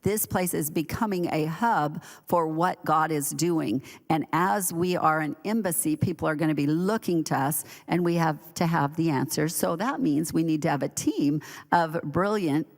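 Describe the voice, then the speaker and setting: A woman's voice: low voice, normal speed, in a large hall. A woman giving a conversational sermon in a church, telling stories chattily with laughing asides. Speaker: church leader preaching. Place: church sanctuary.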